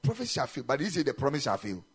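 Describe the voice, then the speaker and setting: A man preaching a sermon in a chapel, animated and emphatic, mixing in local-language phrases. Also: medium pitch, very fast, husky. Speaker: pastor.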